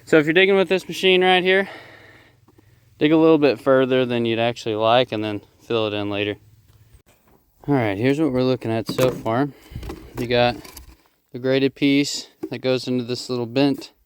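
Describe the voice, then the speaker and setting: A man casually explaining a DIY job as he works outdoors, rough-spoken, swearing freely and joking at his own expense. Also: mid-range voice, normal speed. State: out of breath at times. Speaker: DIY vlogger. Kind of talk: casual how-to narration while working outdoors. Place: outdoors at a digging site.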